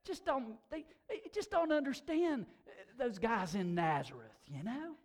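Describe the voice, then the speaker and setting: A man preaching a sermon in a folksy, casual way, talking slowly and dropping asides like "man" and "you know.". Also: very high-pitched, big pitch swings. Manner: slow-talking, by his own account. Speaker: pastor.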